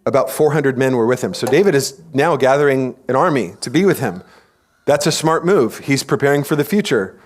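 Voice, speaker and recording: A man preaching a teaching sermon in a church, telling stories in an animated way, acting out quoted voices and asking the congregation questions. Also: mid-range voice, a little fast. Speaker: pastor.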